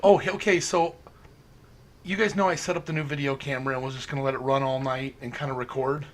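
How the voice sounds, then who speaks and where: In casual storytelling chat, a man who investigates the paranormal tells stories animatedly, acting out quotes and laughing often. His voice is medium-pitched and fast.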